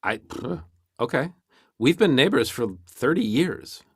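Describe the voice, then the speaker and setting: A man improvising an exasperated accountant neighbor, deadpan and stammering in a comedy scene. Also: on the high side, unhurried, vocal fry, breathy edge, dry recording, studio quality, heavily acted. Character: exasperated middle-aged accountant neighbor Marcus. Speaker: improv performer.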